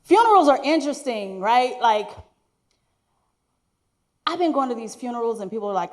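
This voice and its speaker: A woman's voice: a little high, measured pace, pauses often. A woman, performing a stand-up comedy set, telling stories animatedly and acting out the people she quotes. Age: 40s. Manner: animated storytelling, acts out quoted voices. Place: live venue before guests.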